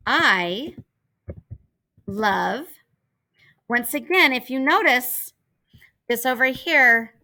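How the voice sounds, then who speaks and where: A woman's voice: on the high side, sharp tone, rough recording. A woman teacher giving a patient online writing lesson to children from home, spelling out letters and steps aloud into a laptop mic. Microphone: laptop computer mic.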